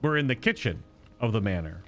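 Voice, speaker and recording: A man's voice: fairly low pitch, big pitch swings, brisk, fairly bright tone, faint music behind. A man giving casual, playful commentary while playing through a video game, joking and thinking aloud as he explores. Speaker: let's play host.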